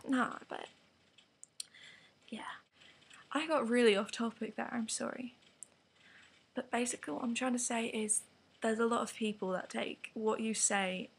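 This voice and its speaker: A teenage girl with an English accent rants straight to camera in a casual vlog. Her voice sits a little high and has a gravelly, breathy texture. She rambles frankly, leans on "like" and drops into whispered asides. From England. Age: teens. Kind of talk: candid vlog rant to camera.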